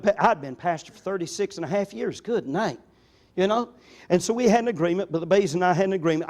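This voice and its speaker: Older pastor, man, fairly high voice, earnest sermon storyteller. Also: darkish tone. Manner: earnest storytelling, slows down for emphasis.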